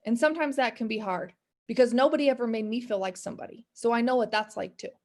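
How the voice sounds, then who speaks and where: A woman's voice: fairly high pitch, fast talker, a little mellow. A woman in her thirties, a business coach, talking candidly and rambling about faith and discouragement. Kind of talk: casual motivational talk. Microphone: video call.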